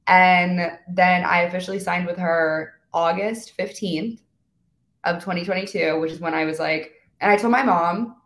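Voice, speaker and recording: Young woman gabbing away, lots of like and quotes, lowish voice, room echo. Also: normal speed. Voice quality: valley-girl filler talk, animated quoting. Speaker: guest influencer. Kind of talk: casual chat.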